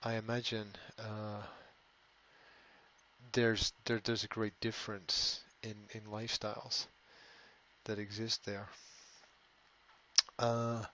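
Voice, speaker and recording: A man's voice: fairly low pitch, completely flat delivery, slow pace, long pauses, bright, forceful tone, lo-fi sound. A man hosting a casual live stream, rambling, often repeating words and reading out viewer comments. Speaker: language school host answering live chat.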